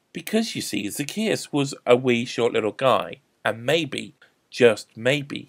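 Animated male storyteller for children. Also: medium pitch. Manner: animated, repetitive refrains, theatrical pauses. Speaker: school assembly storyteller.

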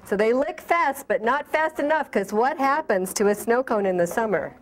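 A woman leads a children's storytime, reading aloud and pausing to quiz her young listeners. Her voice sits a little high and stays animated throughout. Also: a little hiss or hum. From El Paso, Texas. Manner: animated, asks children questions. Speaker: library director reading at storytime.

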